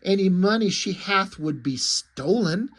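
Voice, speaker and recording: Brief: a man doing a surly comic-book innkeeper, blustery faux-olde talk, high-ish voice. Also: lively intonation, measured pace. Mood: scornful. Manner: blustering mock-archaic threats. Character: gruff hostile male tavern keeper.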